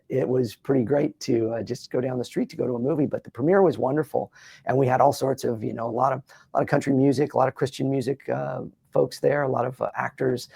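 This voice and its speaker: Middle-aged male voice actor, raspy, breathy, dry and close, animated and chatty. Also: medium pitch, dry recording. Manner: lively, slips into character voices mid-sentence. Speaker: voice actor guest. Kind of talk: animated interview talk with quick voice impressions. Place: Los Angeles, doing press.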